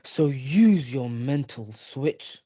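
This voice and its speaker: A young man in his twenties on a video call, slowly repeating phrases after his coach. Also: medium pitch, expressive, warm tone, reverberant, lo-fi sound. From England. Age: 20s. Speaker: student.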